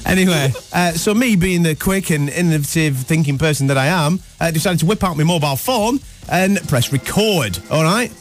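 Brief: male breakfast radio host, fairly high voice, jokey chatty storyteller, faint music behind. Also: moderate pace, hardly any pauses. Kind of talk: casual radio banter. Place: radio studio.

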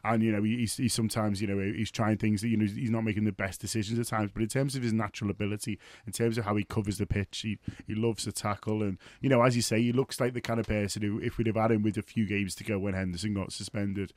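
Brief: male panelist, fast lowish voice, animated and repetitive, dry studio sound. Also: no room sound. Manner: animated, repeats words while thinking. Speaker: podcast panelist. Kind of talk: casual football chat.

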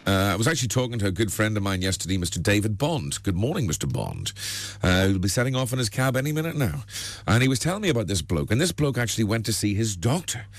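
A man's voice: on the low side, sing-song, fast talker, no echo. A man hosting a breakfast radio show, telling jokes in a cheeky way and laughing at his own punchlines. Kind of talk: joke-telling radio banter. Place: dry radio studio.

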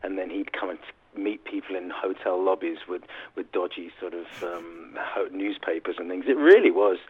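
Middle-aged English male musician, chatty and self-mocking, deep-ish voice on a thin phone line. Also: moderate pace, breathy edge. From England. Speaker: musician guest. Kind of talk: casual interview anecdotes.

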